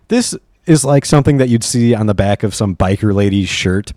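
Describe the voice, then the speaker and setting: Casting: young guy, low mellow voice, profane rambling story reader, talks while driving. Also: expressive, brisk, hardly any pauses, no room sound, studio quality. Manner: rambling, profane, laughs often. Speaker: vlogger reading online stories. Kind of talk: casual chat reading stories aloud.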